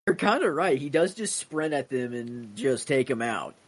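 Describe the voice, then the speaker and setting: Halting man chatting on a podcast. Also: medium pitch, lively intonation, no echo. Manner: halting, many fillers, trails off quietly. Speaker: podcast co-host. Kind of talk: casual recap chat.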